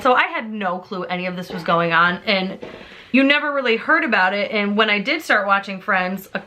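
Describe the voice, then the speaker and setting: Bright-voiced young woman ranting. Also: medium pitch. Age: 20s. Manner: heartfelt, emphatic, heavy use of "like". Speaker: book vlogger. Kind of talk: casual chatty rant.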